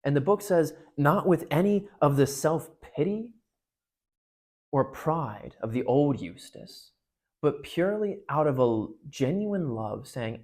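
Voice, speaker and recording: A man's voice: on the high side, animated, a little slow, a little mellow. A man giving a casual talk that retells and analyzes a book, speaking conversationally with frequent restarts. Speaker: parish speaker on literature.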